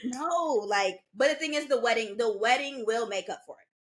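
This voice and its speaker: With a fairly high voice at normal speed, a podcast co-host in her twenties chats casually, telling animated stories. Whenever she quotes someone, she mimics their voice.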